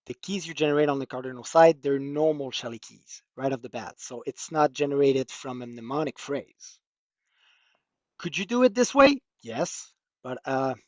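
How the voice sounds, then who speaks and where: A man's voice: medium pitch, no room sound. A man with a French accent presenting a technical workshop walkthrough, explaining with many hesitant fillers.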